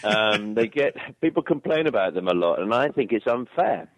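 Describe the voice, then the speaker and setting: A man's voice: on the low side, sing-song, moderate pace, dry recording. An English man from England, a guest author speaking thoughtfully and articulately in a phone interview. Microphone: phone line. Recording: tinny phone line.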